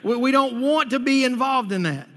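A man's voice: extremely high pitch, normal speed, bright, forceful tone. A middle-aged man preaching a sermon as pastor, telling stories with stammered restarts and acting out the quotes. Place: church sanctuary. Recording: long reverb of a church hall.

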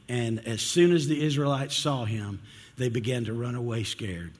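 Husky-voiced preacher in a reverberant hall. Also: male voice, medium pitch. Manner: energetic storytelling with frequent restarts. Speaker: pastor. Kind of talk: sermon. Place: church sanctuary.

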